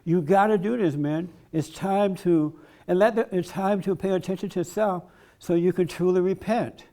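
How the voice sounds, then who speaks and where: A man's voice: sits high, fairly even intonation, moderate pace, warm tone. A man giving a blunt, emphatic preaching-style talk at a conference, laughing along with his audience. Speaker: conference speaker.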